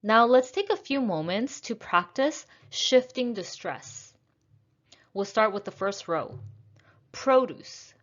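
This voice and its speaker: A woman teaching English pronunciation, speaking deliberately and repeating words with the stress shifted. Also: mid-range voice, lively intonation, fairly bright tone, muffled recording. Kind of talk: slow, careful pronunciation lesson.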